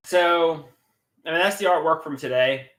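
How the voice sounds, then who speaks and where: A man's voice: on the high side, measured pace, a bit bright, echoey room, a little hiss or hum. A man livestreaming and talking about his artwork, agitated and swearing, often repeating himself and restarting his sentences. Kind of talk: casual livestream talk.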